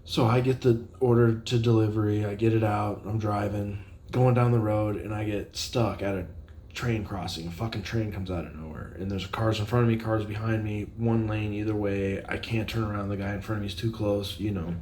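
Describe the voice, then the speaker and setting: A man's voice: fairly low pitch, fairly even intonation, fairly quick, darkish tone, a little hiss or hum. Laid-back, foul-mouthed young-sounding guy telling a story. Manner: laid-back, swears a lot, rambling with fillers. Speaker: podcast co-host. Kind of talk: casual chat, storytelling. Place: informal home podcast setup.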